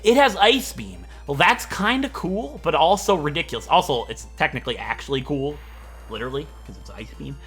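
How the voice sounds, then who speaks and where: Young male let's-play host, bright lively voice, rambling jokes. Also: a little high, a little fast, husky, soft background music. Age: 20s. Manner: rambling, joking, laughs a lot. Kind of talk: gameplay commentary.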